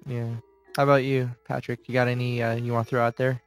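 A man hosting a casual podcast, relaxed and a bit hesitant, wrapping up the episode. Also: medium pitch, fast talker, smooth, soft background music. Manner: relaxed, hesitant with fillers, signs off the show. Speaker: podcast host. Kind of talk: casual chat.

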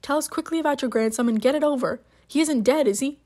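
Impatient storybook nurse, read by a woman: brisk, pressing, higher voice. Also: darkish tone, natural voice.

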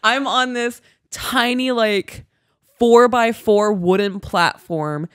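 A woman co-hosting a podcast, telling a story in casual chat, animated, swearing and laughing often. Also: on the high side, slow, clean tone, no room sound, studio quality. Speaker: podcast co-host.

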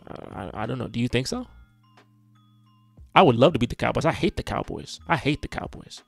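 A man's voice: medium pitch, expressive, brisk, vocal fry, slightly rough, no echo, faint music behind. A man, a sports content creator, giving a blunt, frustrated, unscripted rant and repeating himself.

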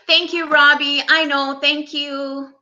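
Slow, bright-voiced young woman near tears. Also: high voice, flat delivery, dull audio. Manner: soft, tearful, greets viewers by name. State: close to tears. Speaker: livestream host. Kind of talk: casual live-stream chat.

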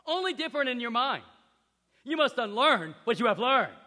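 A man's voice: extremely high pitch, big pitch swings, normal speed, sharp tone, pitched above the performer's own voice, full character voice. A man voicing a wise, ancient, tiny male Jedi master who speaks in emphatic, inverted phrases, in an echoey hall. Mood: stern. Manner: inverted word order, emphatic.

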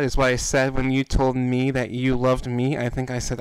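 A man's voice: mid-range voice, normal speed, smooth, no echo, low-quality recording. A man co-hosting a podcast who tells stories in an easygoing way, with some fillers. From Chicago area. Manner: relaxed, easygoing storyteller with fillers. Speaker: podcast co-host. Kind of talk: casual podcast chat.

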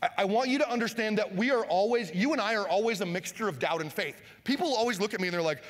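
A pastor preaching a sermon, animated, acting out Bible scenes and shouting for emphasis. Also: male voice, high voice, quick pace, few pauses. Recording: long hall reverb.

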